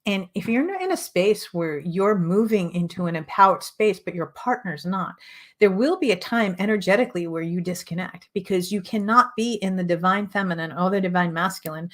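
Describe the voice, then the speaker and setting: A middle-aged woman hosting a show and teaching about relationships in an earnest, repetitive way, her voice a little hoarse as she is losing it. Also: fairly low pitch, lively intonation, fairly quick. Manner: earnest, repetitive, with frequent "right?" asides. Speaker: host and relationship coach. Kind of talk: motivational teaching monologue.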